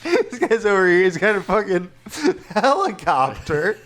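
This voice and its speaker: A man's voice: high-pitched, very animated, unhurried, a bit bright. A young man co-hosting a casual podcast chat, joking, swearing and laughing often as he riffs on silly bits. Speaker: podcast co-host.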